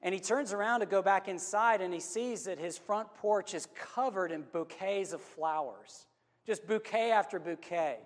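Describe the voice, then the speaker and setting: A man's voice: high-pitched, moderate pace, big-room sound. A man preaching a sermon as a pastor, telling a story in an earnest, conversational way.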